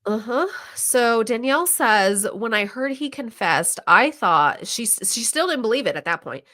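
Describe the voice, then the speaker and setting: A woman's voice: on the high side, moderate pace. A woman hosting a podcast, casually retelling a true crime episode and acting out the quotes. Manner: animated retelling with quoted voices and laughs. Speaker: podcast host.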